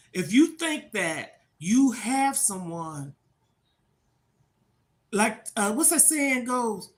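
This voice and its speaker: Frank older woman talking to viewers. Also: fairly low pitch. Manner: frank, preachy, repeats "okay?" often. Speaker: livestream host. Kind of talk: casual livestream talk to viewers.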